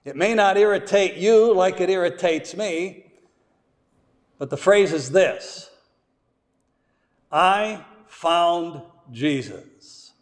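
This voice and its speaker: A man preaching a sermon as pastor, slow and deliberate, leaning hard on key words. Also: high-pitched, a little mellow, in a large hall. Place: church.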